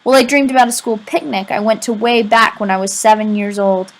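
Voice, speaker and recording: A woman's voice: a little high, steady tone, a little fast, rough recording. A woman reading a first-person audiobook, telling the story expressively and voicing emotional quoted lines. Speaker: audiobook narrator.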